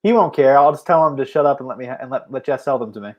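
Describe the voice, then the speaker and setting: A co-host in a casual chat talks rapid-fire at a medium pitch, the highs in his voice cut off. He's a chatty storyteller who laughs often.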